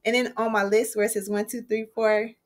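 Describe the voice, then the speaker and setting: A woman's voice: a little high, little pitch movement, fairly quick. Woman teacher explaining an essay lesson. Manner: friendly, conversational, explaining step by step. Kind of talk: recorded writing lesson.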